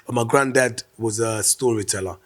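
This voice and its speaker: A comedian being interviewed talks things over in a relaxed, reflective way. His voice sits in a middle register for a man, and he often restarts words mid-thought. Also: mid-range voice, moderate pace. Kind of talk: casual interview.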